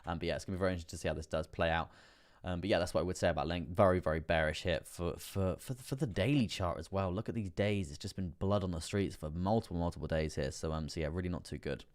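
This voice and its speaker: Hosting a relaxed crypto live stream, this man runs through price charts with frequent laughter and repeated words. His low-pitched voice moves quickly, with hardly any pauses.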